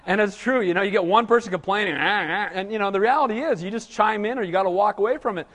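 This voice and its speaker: Animated high-voiced male preacher in a hall. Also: racing. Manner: animated, acts out whining voices, rhetorical questions. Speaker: pastor. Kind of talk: sermon.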